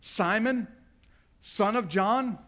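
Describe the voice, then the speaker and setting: A man's voice: sits high, very slow, fairly bright tone, voice pushed up, exaggerated voice. A male pastor voicing Jesus as an earnest man pressing his friend with pointed questions in a sermon.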